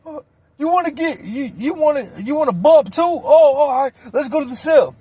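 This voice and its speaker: A man doing a high-voiced, blustering inmate. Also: lively intonation, warm tone, no room sound. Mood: challenging. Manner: high, defensive, quick backpedaling. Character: blustering adult male inmate who backs down.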